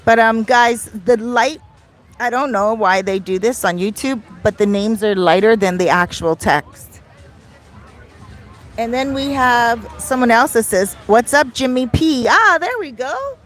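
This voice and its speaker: A woman's voice: a little high, animated, measured pace, soft background music. A middle-aged Canadian woman with a Canadian accent, chatting casually on a beach livestream and reading viewer comments aloud. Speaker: vlogger. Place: outdoors on a beach. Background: faint outdoor street noise.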